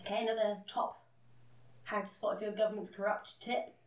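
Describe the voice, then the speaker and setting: A woman's voice: medium pitch, fairly even intonation, fairly quick, roomy sound. A woman co-hosting a podcast in casual chat, with a dry, sarcastic manner. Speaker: podcast co-host.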